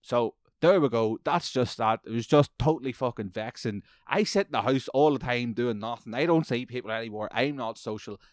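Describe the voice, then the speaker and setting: A man's voice: mid-range voice, a little fast, hardly any pauses, no echo, studio quality. A man, hosting a podcast and telling a heated, profanity-heavy story. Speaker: podcast host. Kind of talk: profane ranting monologue.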